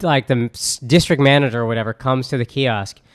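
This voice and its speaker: Young guy guest, smooth dry voice, easygoing storyteller. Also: mid-range voice, brisk, no echo. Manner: laid-back storyteller, acts out quotes. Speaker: podcast guest. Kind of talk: casual chat.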